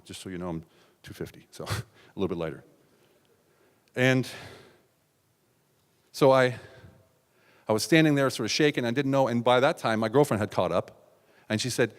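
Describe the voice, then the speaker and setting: A middle-aged man from the United States telling a raw, confessional personal story on stage, with sudden loud outbursts and hushed asides. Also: mid-range voice, lively intonation, normal speed, long pauses. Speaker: keynote speaker. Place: large hall on stage. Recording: stage talk with long hall reverb.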